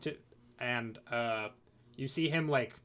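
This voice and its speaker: A man's voice: medium pitch, slow, a bit bright. A man narrating as game master, loose and rambling with plenty of fillers.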